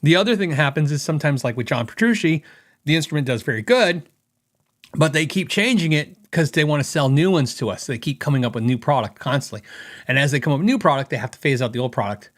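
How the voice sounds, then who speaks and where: Opinionated middle-aged man, slightly high voice. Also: expressive, fast. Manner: opinionated, rambling, thinks aloud with fillers. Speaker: podcast host. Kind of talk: casual podcast talk.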